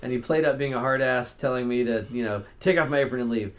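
A man co-hosting a casual podcast. He tells stories with energy and slips into the voices of the people in them. His pitch sits in the middle range. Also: quick pace. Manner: animated storyteller, acts out quotes. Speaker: podcast co-host. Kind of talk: casual chat.

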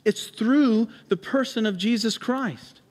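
A man with a fairly high voice, preaching a sermon in a church with long, ringing reverb. He tells a story haltingly, with restarts and fillers, then builds into emphatic, urgent preaching. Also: a little mellow. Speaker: pastor. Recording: hall reverb.

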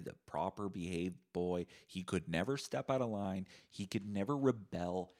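A man's voice: low voice, darkish tone. A man from Canada hosting a solo podcast, ranting in a profane, sarcastic way. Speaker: podcast host.

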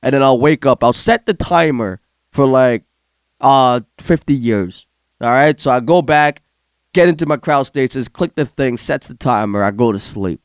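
A man's voice: mid-range voice, animated, normal speed, clean tone, dry recording, studio quality. A man casually telling a rambling, profane story to a friend and laughing through much of it. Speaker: storyteller recounting a game session. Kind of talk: casual chat.

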